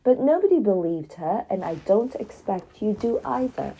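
A woman reading a children's story aloud in a gentle, even storyteller manner. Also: medium pitch, normal speed, husky, low-quality recording.

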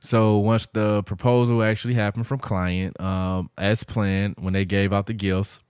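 Man, podcast host, lowish voice, casual storytelling, dry close mic. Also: measured pace, clean tone, no echo. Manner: animated retelling, acts out quoted voices.

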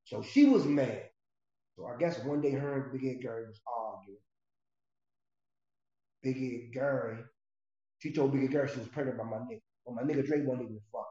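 A man's voice: mid-range voice, a little fast, pauses often, dark tone. A middle-aged man casually telling a story from his past, streetwise and profane, rambling with restarts. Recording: roomy, slightly dull recording.

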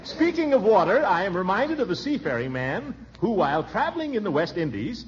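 An actor playing a blustering, flustered middle-aged official who stammers and chuckles, in 1940s radio acting style on a dull old recording. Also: male voice, sits high, sing-song, fairly quick, a little hiss or hum. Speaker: pompous small-town official.

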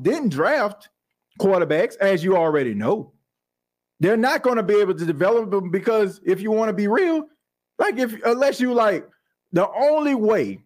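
A man hosting a podcast, talking sports in an animated, conversational way with plenty of slang. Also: sits high. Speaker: podcast host. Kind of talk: casual sports talk.

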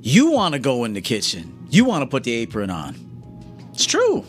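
A man's voice: medium pitch, wildly swooping pitch, fairly quick, faint music behind. Blunt lecturing man on a live stream. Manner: blunt, lecturing, confrontational, keeps asking "okay?". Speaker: coach.

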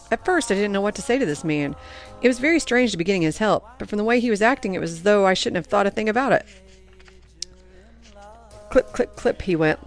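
A woman reading first-person audiobook narration in an earnest, expressive way. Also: medium pitch.

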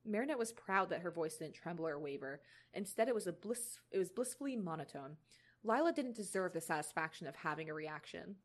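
A woman's voice: fairly low pitch, expressive, fairly quick. Young woman reading a story aloud, chatty. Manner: chatty, giggly, stumbles over words. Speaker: reader narrating a fan story. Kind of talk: casual read-aloud narration.

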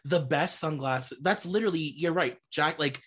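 A woman's voice: low voice, normal speed, slightly rough. Chatty woman in casual gossip. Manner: chatty, laughs often, emphatic. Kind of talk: casual chat.

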